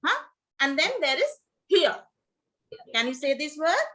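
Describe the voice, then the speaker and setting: A woman's voice: sits high, sing-song, measured pace, fairly bright tone. A woman teaching a pronunciation lesson to a class, leading drills, coaxing students to repeat words and checking in with "okay?".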